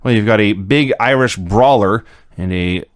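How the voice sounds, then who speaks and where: A man co-hosting a podcast, recapping with wry, deadpan jokes and frequent chuckles. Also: lowish voice, moderate pace, no echo, studio quality. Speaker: podcast co-host recapping wrestling. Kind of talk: casual podcast chat.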